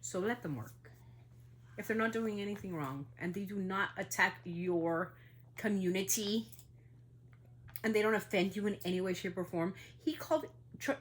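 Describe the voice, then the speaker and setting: Upset woman ranting on a podcast. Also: mid-range voice. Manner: heated, indignant, swears. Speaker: podcast host. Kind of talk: casual opinion monologue.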